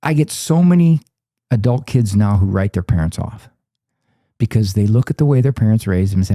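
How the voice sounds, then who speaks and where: Older man, mellow animated storyteller. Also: fairly low pitch, brisk, dry recording, studio quality. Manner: animated storyteller who acts out quoted voices. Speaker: guest psychologist. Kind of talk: conversational interview.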